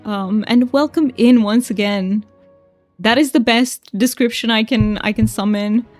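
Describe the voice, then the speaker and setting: A woman's voice: a little high, a little slow, faint music behind. A woman streaming a game, chatting casually with viewers, giggling often and thanking them. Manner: giggly, laughs often between lines. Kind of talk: casual livestream chat.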